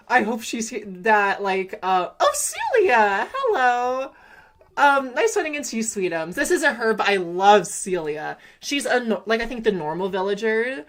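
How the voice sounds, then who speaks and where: Valley girl streamer chick, young, rambles w tons of ums and restarts, giggles a lot. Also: on the high side. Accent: Californian Valley Girl. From California. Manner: rambling, with many fillers and self-corrections. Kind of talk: casual live gameplay chat.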